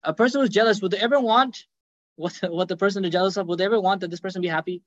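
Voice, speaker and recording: A man preaching a sermon, telling stories fast with acted quotes and rhetorical questions. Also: high-pitched, fairly bright tone, dull audio. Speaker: Islamic preacher.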